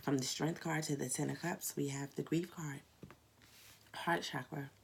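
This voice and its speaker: A woman's voice: low voice, fairly even intonation, normal speed, gravelly, a little hiss or hum. A woman giving a casual tarot reading, speaking bluntly and candidly, swearing and calling her viewers "baby" and "cat". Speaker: tarot reader.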